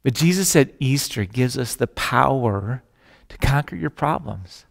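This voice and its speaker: A man's voice: medium pitch, animated, measured pace, creaky, big-room sound. A man preaching a sermon as a pastor, telling stories with jokes and acting out the voices in them. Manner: storytelling with jokes, acts out voices in quotes.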